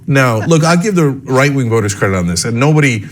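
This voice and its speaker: A man's voice: mid-range voice, expressive, a little fast. A man giving opinionated political commentary, emphatic and sarcastic. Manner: emphatic, sarcastic, mimics people.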